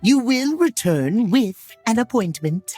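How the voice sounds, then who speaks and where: An actor voicing a fussy, haughty cat-eared gentleman in a video game who is obsessed with punctuality and speaks with clipped, precise elocution. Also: mid-range voice, sing-song, slow pace, soft background music. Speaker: game character voice.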